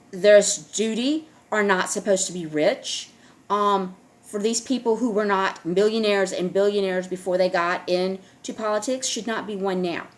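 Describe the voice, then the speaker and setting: A middle-aged woman talks to camera in a loose, unscripted monologue. She is insistent, driving each point home and checking in with her viewers again and again. Her voice sits in an ordinary middle register. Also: medium pitch. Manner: insistent, keeps repeating "all right?". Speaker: online video host.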